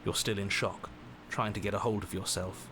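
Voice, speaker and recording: A steady, matter-of-fact storyteller voiced by a man, narrating dark events in a game with an even, unhurried delivery. His voice sits on the low side. Clear background noise runs under the game audio. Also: lightly acted. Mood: calm. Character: calm male storyteller narrating grim events. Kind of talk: scripted narration.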